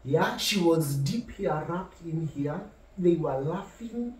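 A young man with a Kenyan accent telling an animated story in casual podcast chat, slipping between English and Swahili. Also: a little high, slow pace. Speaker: podcast co-host. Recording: echoey room, distant mic, faint noise.

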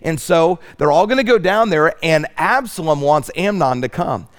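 A man preaching a sermon as pastor, swinging from loud stretched emphasis to soft pleading. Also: fairly high pitch, animated, moderate pace. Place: church sanctuary.

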